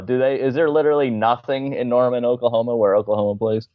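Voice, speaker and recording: A man co-hosting a podcast in casual chat, excitable, swearing freely and laughing a lot. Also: medium pitch, fast, hardly any pauses, no echo, highs cut off. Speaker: podcast co-host.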